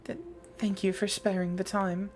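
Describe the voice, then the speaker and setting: A woman voicing a timid, grieving young female adventurer who speaks softly, formally and a little haltingly. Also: mid-range voice, little pitch movement, faint music behind, close to an everyday voice. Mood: sorrowful. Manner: soft, halting, formal and polite.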